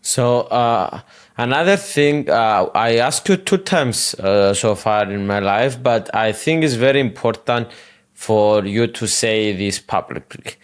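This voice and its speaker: A podcast host with a non-native English accent asks his questions hesitantly. His voice sits somewhat low, and he speaks very slowly. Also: animated, clear, resonant tone. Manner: hesitant, many "uh" fillers. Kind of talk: interview questions.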